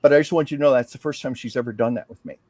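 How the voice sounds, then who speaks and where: With a medium-pitched, darkish voice and no echo in the audio, this man hosts a psychic show, discussing a channeled message in a casual yet earnest way. As a psychic medium, he sounds heartfelt and eases his pace to read aloud.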